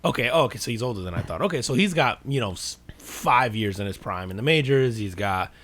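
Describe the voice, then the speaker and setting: A man's voice: medium pitch, quick pace. A man co-hosting a podcast, chatting casually and energetically about baseball, full of dudes and curse words. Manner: animated, rambling, swears and says dude. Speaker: podcast co-host. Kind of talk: casual sports chat.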